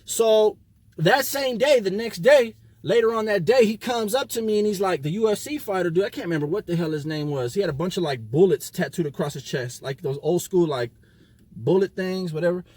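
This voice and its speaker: A man casually telling a personal story in street slang, with lively, profane delivery that acts out the dialogue. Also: high-pitched, a little fast, no room sound.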